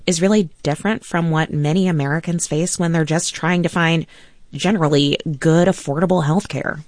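Female news host, dry studio sound, crisp scripted read. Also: sits low, fairly even intonation, moderate pace, a little mellow, no echo. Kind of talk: radio news hosting.

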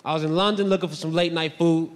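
A young man doing a stand-up set, swinging between shouty punchlines and low, muttered asides. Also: steady tone, fast. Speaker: stand-up comedian. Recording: live club recording with long reverb.

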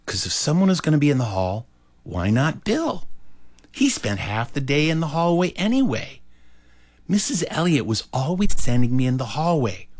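A man telling a childhood story aloud, animated and acting out the characters' lines. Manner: animated, acts out characters with big pitch leaps. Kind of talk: told story performed for listeners.

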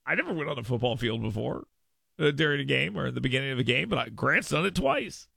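A man's voice: mid-range voice, very animated, fast, vocal fry, bright, forceful tone, slightly rough, no echo, clean studio sound. A man hosting a radio talk show, riffing emphatically with listeners in a casual monologue.

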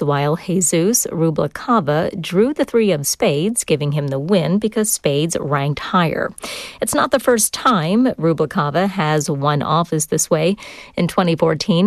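Low-voiced woman reading the news. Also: no room sound. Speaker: newscaster. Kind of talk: newscast reading.

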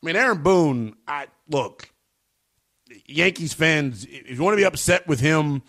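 A man giving emphatic, opinionated sports commentary in a slangy, animated way. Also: fairly high pitch, unhurried.

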